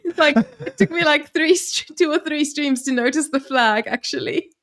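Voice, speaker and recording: Woman, co-host, higher voice, giggly, lots of ums, casual stream chat. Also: normal speed, fairly bright tone. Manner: giggly, many fillers.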